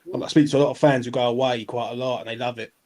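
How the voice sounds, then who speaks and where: A man's voice: medium pitch, fairly even intonation, very fast, a little mellow. Earnest man talking football. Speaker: podcast panelist, West Ham fan. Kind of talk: casual football chat.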